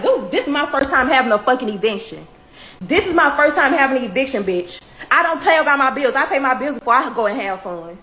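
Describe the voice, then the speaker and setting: A woman's voice: sits high, fairly bright tone. A woman in her twenties ranting angrily about her eviction, swearing and repeating herself for emphasis. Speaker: tenant telling her eviction story. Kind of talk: angry profane rant. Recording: echoey room with faint noise.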